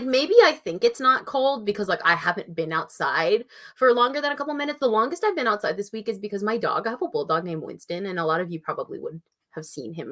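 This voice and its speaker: A woman's voice: mid-range voice, a bit bright. A woman in her twenties with a Canadian accent, chatting casually on a livestream, reading out chat messages and laughing often. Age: 20s. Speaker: writing channel host.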